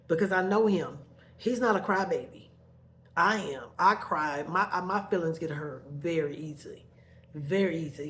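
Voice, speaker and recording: A middle-aged woman telling a painful personal story, halting and repeating her words as her emotions rise. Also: deep voice, fairly bright tone, a little hiss or hum.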